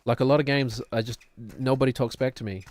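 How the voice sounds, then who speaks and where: A man's voice: mid-range voice, steady tone, fast, a little mellow. A man, chatting casually and rambling while he streams a game. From New Zealand. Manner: rambling, musing, self-deprecating. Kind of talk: casual gameplay chat.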